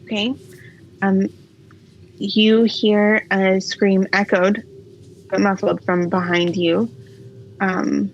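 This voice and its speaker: A woman running a tabletop game as game master, narrating in a relaxed way with many pauses and fillers. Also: mid-range voice. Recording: slightly dull, faint noise.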